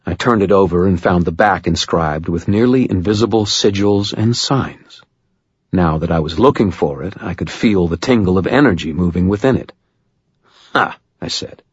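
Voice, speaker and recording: A man narrating a first-person audiobook in a measured, low-key way. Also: a little mellow, slightly rough, dry recording, highs cut off.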